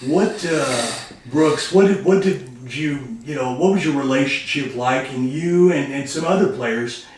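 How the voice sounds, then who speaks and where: A man's voice: mid-range voice, a little slow, few pauses. Man hosting from a distant echoey room. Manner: chatty, asks rambling questions with fillers. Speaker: podcast host. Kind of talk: casual interview.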